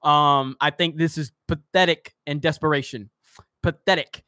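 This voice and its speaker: A man's voice: on the high side, fairly even intonation, normal speed, sharp tone, no room sound, clean studio sound. A man hosting a live stream, reading chat comments aloud and ranting heatedly, swearing at trolls. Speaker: host of a live-stream show.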